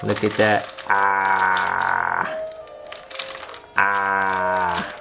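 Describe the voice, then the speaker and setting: A man's voice: deep voice, sing-song, extremely slow, gravelly, music in the background. A man filming his toddler at home, coaxing the child in a sing-song way in a casual home video.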